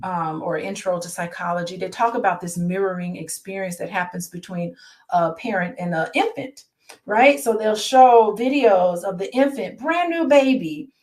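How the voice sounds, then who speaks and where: A woman therapist who reads passages from a book aloud and talks them over with her listeners in a conversational way, often checking in with a quick "right?". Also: medium pitch, a little mellow. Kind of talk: reading a book aloud and commenting.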